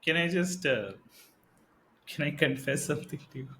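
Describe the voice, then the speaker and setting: Rambling Indian man, a touch high. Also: moderate pace, bright, forceful tone. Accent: Indian English. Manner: rambling, tangent-jumping, chuckles through his stories. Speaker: podcast co-host. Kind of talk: casual podcast chat.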